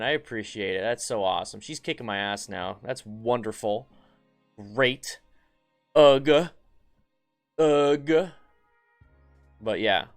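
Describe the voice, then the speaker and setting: A man hosting a relaxed live stream, talking easily and answering viewers as if among friends. His voice is smooth and clear, with sudden bursts of excitement. Faint music plays in the background. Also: on the low side. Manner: chatty, reads viewer comments aloud, bursts of excitement. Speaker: motorcycle channel host. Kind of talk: casual live stream chat.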